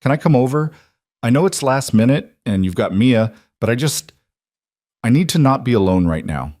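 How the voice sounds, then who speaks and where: A man's voice: mid-range voice, big pitch swings, normal speed, a little mellow, no room sound, studio quality, voice pushed up, close to an everyday voice. A man voicing a hurt, fragile woman who speaks in a tight, brittle, shaky way.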